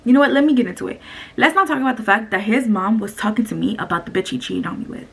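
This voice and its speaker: A woman's voice: fairly high pitch, fast, gravelly. A young woman vlogging at home, telling a story in a blunt, profane, venting way, with faint noise behind her. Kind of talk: casual story time vlog. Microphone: camera.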